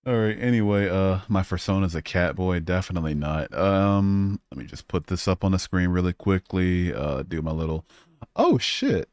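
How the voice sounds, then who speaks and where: A man's voice: deep voice, normal speed, few pauses, darkish tone, clean tone, no echo. A man hosting a live stream, chatting casually and profanely while reading and answering comments. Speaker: livestream host.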